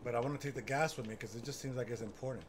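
A man giving nervous, excitable running commentary while playing a horror game, gasping and talking himself through it. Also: mid-range voice, racing. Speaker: gaming streamer. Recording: noticeable background noise.

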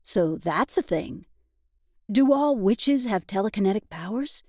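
A woman narrator voicing a cautious, caring young man who asks steady, practical questions in an audiobook. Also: medium pitch, measured pace, no room sound, clean studio sound. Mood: calm.

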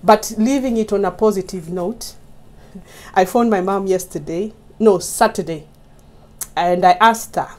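A Kenyan woman chats casually with her viewers in a YouTube vlog, speaking unhurriedly in a mid-range voice. She laughs often and keeps addressing her audience directly, using a mic set up in front of her.

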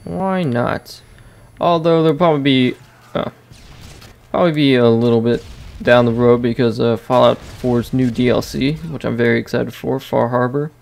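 A man's voice: medium pitch, fairly even intonation, normal speed, creaky, a little mellow. A man hosting a gaming channel, rambling casually while he plays and reacting to the match. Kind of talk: casual gameplay commentary. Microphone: desk microphone.

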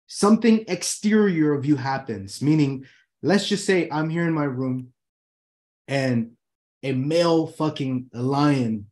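A man's voice: fairly high pitch, a little mellow. A man hosting his own talk show from his room, talking casually and animatedly, swearing freely and acting out people's inner thoughts. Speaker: host.

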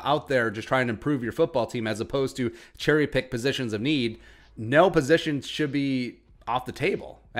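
Animated sarcastic sports podcast host, man. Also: medium pitch. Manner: animated, sarcastic, joking asides. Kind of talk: casual sports commentary.

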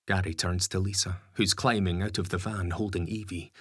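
A man narrating an audiobook story in a measured, even storytelling manner. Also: sits low, slightly rough, dry recording, studio quality. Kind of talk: scripted narration.

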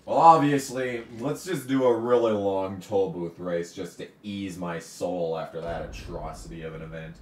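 A male gamer talks through his race in a mid-range voice, grumbling and cursing, and flares up into shouting at rivals. He sits back from the mic in a roomy, echoing space, with faint ambience behind him. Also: low-pitched, moderate pace, hardly any pauses, far from the mic, a little hiss or hum. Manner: profane, ranting, bursts into shouts at the game. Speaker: gamer commentating his own play. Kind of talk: let's play commentary.

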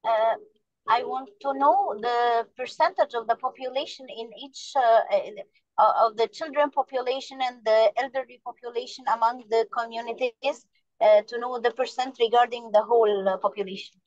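A higher-voiced woman asks her question haltingly, filling pauses as she searches for words. The call audio is dull and muffled, with a dry, close sound. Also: steady tone, no echo. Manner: hesitant, with many filler sounds. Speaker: seminar participant. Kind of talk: asking a question on a video call.

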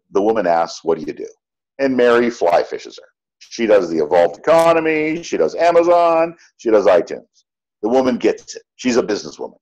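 A man's voice: medium pitch, breathy edge, muffled recording. A man giving a motivational sales training talk, telling stories and acting out both sides of each conversation. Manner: animated storyteller, acts out dialogue. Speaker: network marketing trainer.

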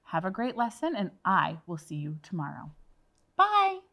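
Cheery kindergarten teacher lady, low voice but super lively, talks to little kids. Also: fairly quick, creaky. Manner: cheerful, encouraging, addresses children. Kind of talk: classroom video lesson.

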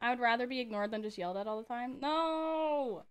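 A woman's voice: a little high, lively intonation, fairly quick, smooth. A woman streaming a video game, chatting casually with her chat and laughing often. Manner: giggly and chatty, answering chat. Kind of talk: casual live-stream gameplay commentary.

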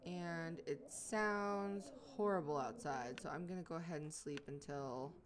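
A young woman hosting a let's-play, chatting through a survival game and getting loud and frantic when she gets stuck. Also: deep voice, a little slow, crowd noise. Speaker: gaming channel host.

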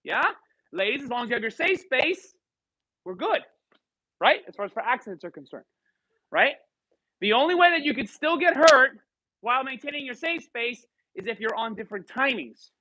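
A male salsa instructor leads a live class, counting the beats and calling out moves as the dancers go. He mixes Spanish and English cues, and his voice is fairly high and very bright. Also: very animated, normal speed, pauses often, no echo, poor audio.

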